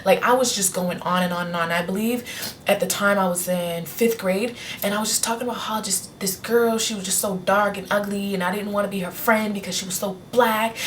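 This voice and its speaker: A woman's voice: medium pitch, a little fast, distant mic, slight background noise. A young woman vlogger chatting casually to her camera, candid and rambling, often restarting her sentences. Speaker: beauty vlogger. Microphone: on-camera mic.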